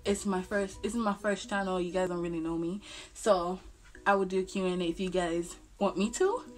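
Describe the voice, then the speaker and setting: A woman's voice: lowish voice, normal speed, soft background music. A young woman telling a storytime vlog, full of slang and swearing. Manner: animated, slangy, swears freely. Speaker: vlogger.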